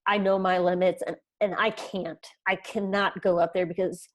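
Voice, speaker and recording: A woman in her thirties speaks as a podcast guest, recounting her own story in an earnest way. Her voice sits a little low, and she slips into quoted dialogue as she tells it. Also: little pitch movement, moderate pace. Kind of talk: personal storytelling in an interview.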